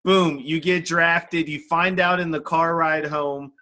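A man's voice: fairly high pitch, fairly even intonation, slow, sharp tone. A man hosting a podcast interview, chiming in often with short reactions. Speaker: podcast host. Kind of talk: casual interview.

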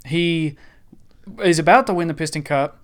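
A man's voice: on the high side, moderate pace. A man chatting casually on a podcast, enthusiastic and rambling with frequent restarts. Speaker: podcast co-host.

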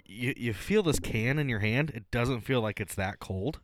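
A man's voice: mid-range voice, moderate pace, no room sound. A man co-hosting a casual beer-tasting podcast, swearing and joking as he tells stories. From Nebraska, USA. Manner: profane, joking, animated storytelling. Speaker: podcast co-host.

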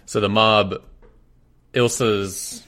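Male player, very low voice, earnest and animated in debate. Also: very slow. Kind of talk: playing a tabletop game in character.

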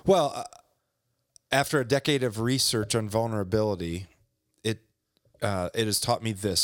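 A man talking earnestly about faith, reading a passage aloud and then reflecting on it in measured phrases. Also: lowish voice, dry recording, studio quality. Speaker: podcast co-host. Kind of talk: faith-based reflective talk.

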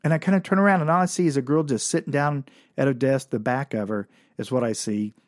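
A man's voice: mid-range voice, quick pace, no echo, clean studio sound. A man telling a comic personal story in a casual, slangy, wry way.

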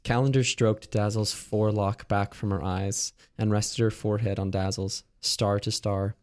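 A man's voice: lowish voice, level tone, normal speed, a little mellow. A man co-hosting a comedy podcast, reading a parody romance aloud and chatting playfully, swearing casually. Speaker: podcast co-host.

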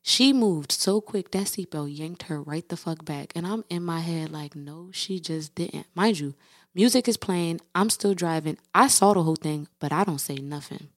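Woman, podcast host, young adult, low-ish voice, casual profane storytelling, dry close sound. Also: moderate pace, no echo. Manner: candid and profane, addresses listeners as "y'all".

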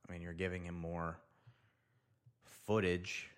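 A man's voice: deep voice, flat delivery, a little slow, smooth. A young man hosting a casual solo show, rambling loosely and talking to himself as he reads through items. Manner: loose, rambling, talks to himself while reading. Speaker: podcast host.

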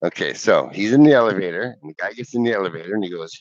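A man in casual chat, excitable and teasing, often laughing. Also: sits low, very fast, few pauses, no room sound. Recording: dull lo-fi sound.

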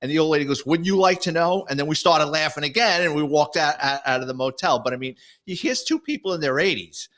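A man, a former police officer, telling a story in an animated, easygoing way. He acts out quoted lines from the people in it as he goes. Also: fairly high pitch, fast, few pauses. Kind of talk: casual storytelling chat.

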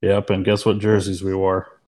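Flat-voiced laid-back young man. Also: deep voice, normal speed. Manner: laid-back, filler-heavy. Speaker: podcast co-host. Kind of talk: casual podcast chat.

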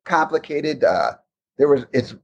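In lo-fi sound, a man with a fairly high, breathy-edged voice speaks a little slowly as a guest in a casual interview. He tells long, rambling, animated stories about making a game, restarting often.

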